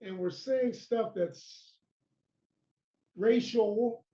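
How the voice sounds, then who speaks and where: A man's voice: high-pitched, drawn-out words, mellow. A man, a former wrestler, telling stories in a casual interview, rambling and restarting as he acts out old conversations. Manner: rambling, full of restarts and acted-out quotes. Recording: roomy, dull lo-fi sound.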